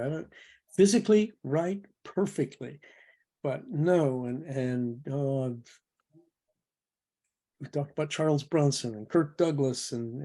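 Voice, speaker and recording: Older man, mellow tone, rambling anecdote, chuckles, self-corrections, video call audio. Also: medium pitch. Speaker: guest, producer. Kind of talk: storytelling anecdote in an interview.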